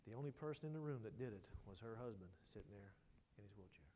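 A male pastor preaching a sermon, telling a story with passion and dropping from loud to hushed. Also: fairly low pitch, animated, fast talker, slight background noise. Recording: long hall reverb.

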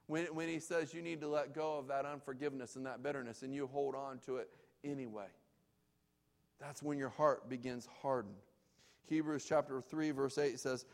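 A man's voice: medium pitch, fairly even intonation, normal speed. A man preaching a sermon as pastor, emphatic and repeating key phrases for weight.

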